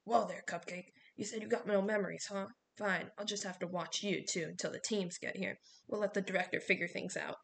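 A woman voicing a gruff, brusque middle-aged male coach who grumbles and barks orders. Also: medium pitch, fairly even intonation, fairly quick, fairly bright tone.

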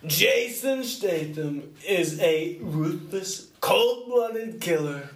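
A man's voice: sits high, expressive, extremely slow, a bit bright, echoey room, slight background noise, exaggerated voice. A man doing a comic impression of a boastful male president, stretching out his superlatives.

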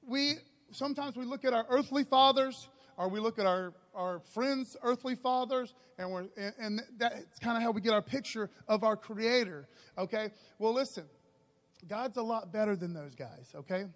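A pastor with a high-pitched voice preaches in a loose, energetic way, dropping in "okay" and "man" between his lines. He delivers a sermon to his church.

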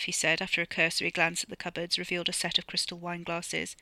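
A woman reading her own novella aloud in a measured, even way. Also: on the low side, no echo. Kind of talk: audiobook narration.

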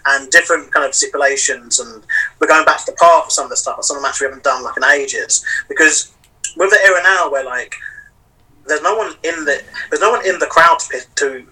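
A man chats loosely as a podcast guest, leaning on fillers and looping back on his points. His voice is sharply bright and slightly husky. He sits back from the mic, so he sounds distant over the video call. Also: on the high side, a little fast. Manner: rambling, heavy on fillers like "you know". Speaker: wrestling promoter and wrestler. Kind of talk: casual podcast chat.

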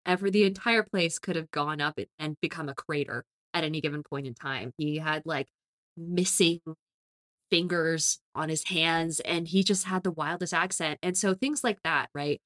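A woman's voice: low-pitched, normal speed, fairly bright tone, no echo, studio quality. A woman co-hosting a casual podcast about tabletop games, talking with energy and laughing often. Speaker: podcast co-host.

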